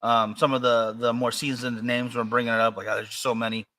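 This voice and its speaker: An American man co-hosts a podcast, chatting casually. He rambles and hesitates, with many fillers and restarts. His medium-pitched voice is level, brisk, bright, and forceful.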